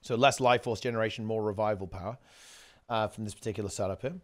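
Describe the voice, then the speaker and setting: A man's voice: lowish voice, steady tone, quick pace. A man casting a live online game tournament in a chatty, rambling way, often correcting himself mid-sentence. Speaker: esports tournament commentator. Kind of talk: casual live game commentary.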